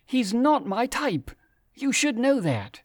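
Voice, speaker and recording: A snappish, flirtatious woman from an audiobook speaks in a high, pinched voice, as a male narrator puts her on. She answers dismissively, and the recording is dry and close. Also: very animated, takes it slowly, no room sound, full character voice.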